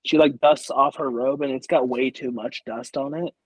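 A man's voice: medium pitch, steady tone, normal speed, slightly rough, dry recording, rough recording. A man narrating as dungeon master in a casual, chatty way. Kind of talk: narrating a tabletop game.

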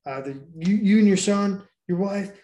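A man's voice: high voice, normal speed, warm tone, reverberant, highs cut off. A man retelling a movie in casual chat, rambling, swearing freely and doubling back on himself. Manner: rambling, profane, jumps back and forth. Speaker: podcast co-host recapping a movie.

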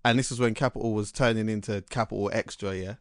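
A man, hosting a podcast and telling stories in an animated, slangy way. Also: on the low side, fast talker, dry recording, studio quality. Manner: animated storytelling with slang and restarts. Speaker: podcast host. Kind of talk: casual chat.

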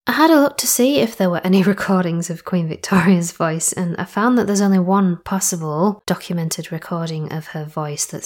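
A woman's voice: lowish voice, darkish tone. Chatty young woman podcast host. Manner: chatty, rambling asides and self-corrections. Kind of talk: casual podcast narration.

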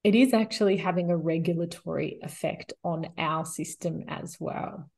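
A woman guest expert in an interview, explaining calmly and steadily with frequent "you know" fillers. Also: lowish voice, normal speed, gravelly.

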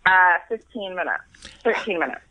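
A woman's voice: fairly low pitch, big pitch swings, sharp tone, husky, dry recording, faint music behind. A woman talking on a tinny, dry phone line. She rambles and laughs easily, poking fun at herself as she chats. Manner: rambling, self-deprecating, quick laughs. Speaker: guest comedian. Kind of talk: casual chat.

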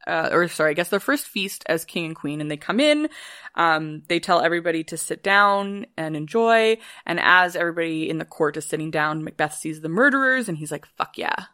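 A woman's voice: low-pitched, animated, bright, forceful tone, dry recording, studio quality. Woman casually retelling a play, swearing. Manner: casual, playful, swears freely, acts out characters' lines in quick voices. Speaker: podcast guest retelling a play. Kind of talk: casual storytelling chat.

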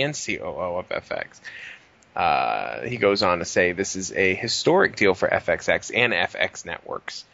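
A man's voice: deep voice, sharp tone, lo-fi sound. A man co-hosting a podcast, reading entertainment news in a laid-back way, with casual swearing and fillers. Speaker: podcast co-host.

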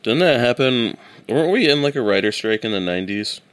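A man's voice: mid-range voice, expressive, brisk, fairly bright tone. A man co-hosting a podcast in casual chat. He is laid-back, laughs often and keeps hyping up his friend. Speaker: podcast co-host.

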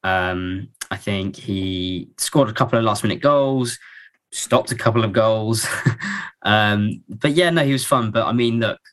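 A man's voice: fairly low pitch, unhurried, fairly bright tone. A man co-hosting a podcast, chatting casually about football in a rambling way, full of fillers and restarts. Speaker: podcast co-host.

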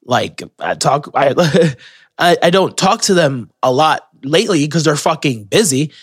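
A man's voice: on the high side, expressive, measured pace, slightly rough, dry recording, clean studio sound. A young man hosting a podcast, telling rambling, profane stories in a casual solo monologue. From Florida. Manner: rambling, profane, self-interrupting storyteller. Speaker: podcast host.

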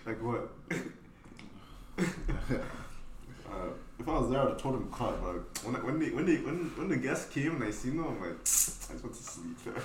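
A man's voice: mid-range voice, lively intonation, normal speed, pauses often. A young man co-hosting a podcast, playful and laughing in casual banter. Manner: playful, laughs, drops to mumbles. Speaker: podcast co-host. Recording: echoey room, distant mic, noisy.

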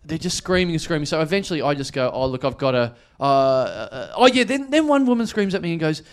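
A man spins a comic story live before an audience, his high voice swinging widely as he acts out the people in it. He laughs through his lines and keeps the energy up. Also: big pitch swings, fast, clean tone. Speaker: comedian guest.

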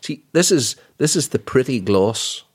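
A man's voice: medium pitch, animated, a little slow, slightly rough. A man, co-hosting a podcast and arguing his points emphatically with sardonic asides. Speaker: podcast co-host. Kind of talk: casual podcast debate.

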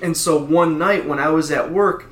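A man's voice: a little high, moderate pace. A middle-aged man casually telling a rambling anecdote, with frequent restarts. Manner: rambling, many restarts and laughs. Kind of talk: casual storytelling. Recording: roomy echo.

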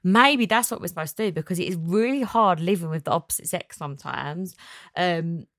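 A woman's voice: lowish voice, brisk, no room sound, studio quality. A woman hosting a casual podcast, chatting animatedly and reading out listener messages. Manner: chatty, animated, laughs often. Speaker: podcast host.

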